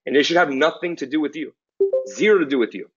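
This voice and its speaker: A man's voice: a little high, lively intonation, quick pace, lo-fi sound, over music. A man hosting a webinar, answering a viewer's question with an emphatic motivational talk and repeating lines for stress.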